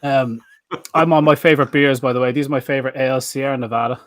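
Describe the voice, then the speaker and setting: A man's voice: medium pitch, fairly even intonation, a bit bright, dry recording, clean studio sound. A man co-hosting a pet-health show, bantering and teasing his colleagues over drinks. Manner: quick, teasing, self-mocking. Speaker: vet co-host of a live pet-health show.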